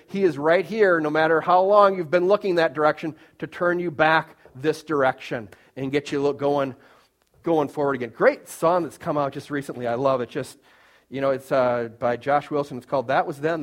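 A man with a fairly high voice preaching in a loose, conversational way. He repeats key phrases, restarts sentences and leans on fillers as he talks the sermon through. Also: moderate pace.

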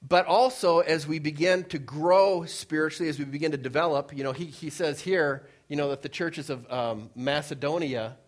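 A male pastor preaching a sermon, reading scripture and explaining it, swinging between emphatic rises and soft, low drops. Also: normal speed, few pauses.

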